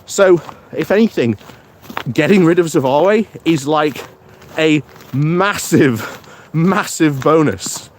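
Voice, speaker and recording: A man's voice: a little high, expressive, slow, slight background noise. A man giving casual live-stream commentary outdoors on a morning walk, rambling, chuckling often and greeting viewers by name. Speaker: political vlogger reading live chat.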